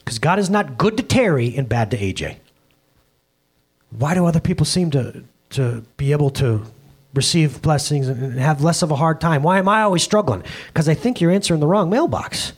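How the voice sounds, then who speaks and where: A man in his thirties preaches in a casual, conversational way, stopping to restart phrases and check that listeners follow. His voice is husky and a touch breathy. His pitch swings widely as he talks. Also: moderate pace. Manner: conversational preaching, lively pitch, frequent restarts and rhetorical questions. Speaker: pastor. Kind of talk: sermon.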